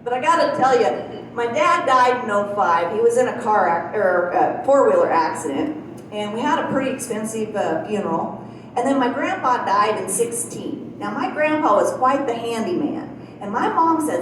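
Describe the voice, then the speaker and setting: A woman's voice: on the high side, expressive, moderate pace, distant mic. A middle-aged woman doing a stand-up set in a small club, telling folksy stories and chuckling at her own jokes. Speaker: stand-up comedian. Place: small comedy club stage. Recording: very echoey room, from afar, faint noise.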